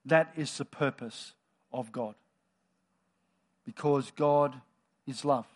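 A man preaching a sermon to his congregation in a relaxed, conversational storytelling manner. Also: mid-range voice, slow.

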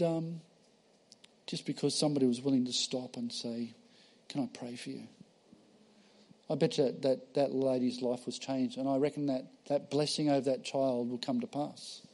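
Male preacher, lively sermon. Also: fairly high pitch. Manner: conversational storytelling, acting out voices, swinging loud and soft. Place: church.

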